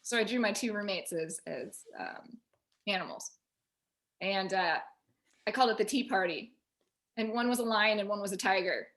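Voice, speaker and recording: A woman on a video call at home, telling a personal story in an animated way and quoting herself and others. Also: medium pitch, normal speed, pauses often. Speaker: featured artist guest. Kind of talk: casual video call discussion.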